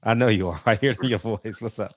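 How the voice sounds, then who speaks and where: A man's voice: lowish voice, fast talker. A male host chatting casually with a caller in an easygoing, affectionate way.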